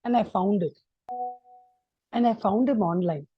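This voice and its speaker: A middle-aged woman with an Indian English accent telling her life story as a guest, animated and acting out the people she quotes. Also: mid-range voice, measured pace, husky, dry recording, highs cut off. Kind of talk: personal storytelling.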